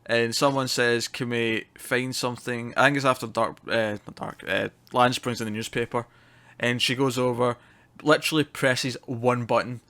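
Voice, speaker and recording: A man co-hosting a casual TV review chat, animated and quick to laugh, with some swearing. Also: mid-range voice. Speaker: co-host.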